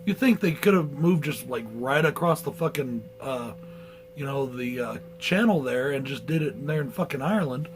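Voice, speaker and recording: A man's voice: medium pitch, lively intonation, moderate pace, slight background noise, poor audio. A man giving a blunt, profane movie review in a casual rant.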